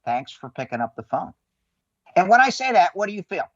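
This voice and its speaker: A man coaching on sales calls with high energy, acting out phone greetings in quoted voices. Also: very animated, fairly quick, no room sound. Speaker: sales guest. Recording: dull lo-fi sound.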